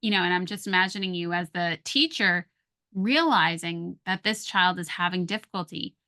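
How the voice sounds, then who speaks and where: A woman giving calm, practical advice to parents on a conversational podcast, acting out harsh and gentle tones of voice. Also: medium pitch. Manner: calm, coaching, acts out soft and sharp tones. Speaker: guest, parenting communication coach.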